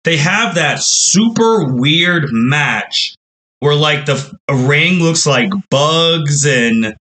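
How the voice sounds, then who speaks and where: A man's voice: on the high side, expressive, drawn-out words, pushed and bright, rough recording. A man hosting a wrestling podcast, recapping in a casual, storytelling way and acting out the fans' reactions as quotes.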